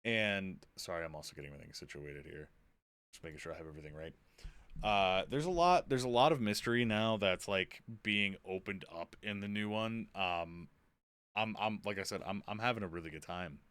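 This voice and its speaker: Low, smooth-voiced male streamer. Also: a little fast, fairly bright tone. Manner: rambling, chatty, self-interrupting. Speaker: game streamer. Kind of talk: casual live-stream chat.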